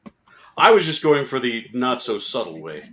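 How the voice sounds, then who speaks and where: A man's voice: mid-range voice, very animated, moderate pace, noisy background. A man co-hosting a casual chat on a video call, teasing the others. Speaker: co-host.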